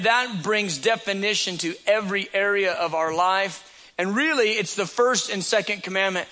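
A man's voice: sits high, bright, forceful tone. A man preaching a sermon as a pastor, talking in a conversational storytelling way with repeated phrases.

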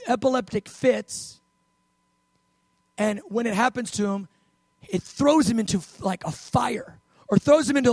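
A man preaching with a high, lively voice, acting out Bible scenes with loud bursts and soft asides. The sound is close and dry, with no room echo. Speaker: pastor. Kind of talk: sermon.

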